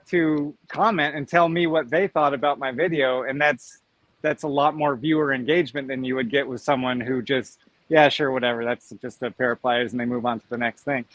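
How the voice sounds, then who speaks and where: A man's voice: a little high, dry recording. A man chatting casually on a group live stream, telling stories and acting out what commenters say. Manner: animated storyteller, acts out commenters' voices. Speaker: YouTuber guest.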